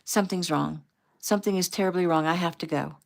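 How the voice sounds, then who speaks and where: A woman reading aloud, voicing a frightened young woman who sounds rushed and urgent. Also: on the low side, creaky. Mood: alarmed.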